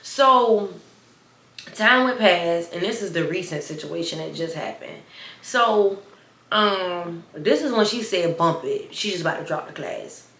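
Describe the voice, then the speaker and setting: A young adult woman with a slight lisp chats animatedly in a casual storytime vlog, calling her viewers "y'all." Her lowish voice is unhurried, and the recording is roomy with a little hiss or hum.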